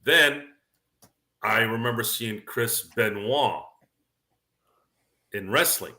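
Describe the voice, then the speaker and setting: A man hosting a casual sports show on a livestream. He rambles from one thought to the next and restarts his sentences often. In between, he reads viewer questions out loud. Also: medium pitch, slow. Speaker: podcast host.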